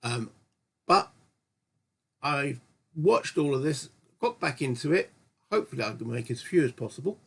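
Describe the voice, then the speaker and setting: A man with a husky, slightly rough voice hosts his own channel and talks through a solo board game session. He chats in a rambling, easygoing way and corrects himself as he goes. He is recorded at home on a desk mic. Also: mid-range voice, lively intonation, moderate pace, pauses often. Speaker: host of a gaming channel. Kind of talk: casual solo board game let's-play commentary.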